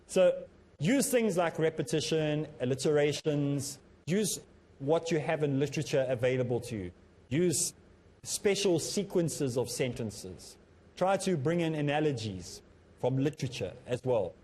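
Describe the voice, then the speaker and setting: A man presenting a televised lesson on public speaking, talking in a measured, instructive way that he himself calls a bit monotonous. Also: a little high. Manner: self-described as a bit monotonous. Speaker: Islamic teacher and TV presenter.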